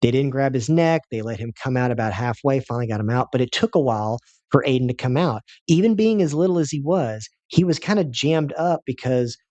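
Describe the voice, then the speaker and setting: Male chiropractor, mid-pitched voice, close and dry, animated storyteller. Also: fairly quick, few pauses, dry recording, muffled recording. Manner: animated storyteller who acts out quoted voices. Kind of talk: personal storytelling talk.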